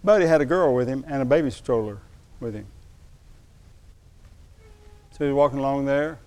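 An older man preaching a sermon, telling a personal story, slowing for emphasis and dropping to a quiet, moved tone. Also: medium pitch, lively intonation. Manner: storytelling, slows down for emphasis, drops to a hushed tone when moved. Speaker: pastor.

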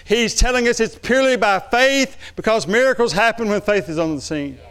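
A pastor preaching a lively sermon to his church, dropping to quiet asides and then calling out loud. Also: high voice, a little fast, clear, resonant tone. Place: church sanctuary.

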